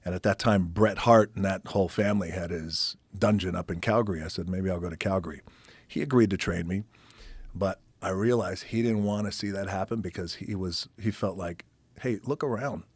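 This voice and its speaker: A man telling a personal story as a podcast guest. He talks in an animated way, swears freely, acts out the people he quotes, and drops to a whisper at times. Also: low voice, a little fast, breathy edge, no echo. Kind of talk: casual storytelling.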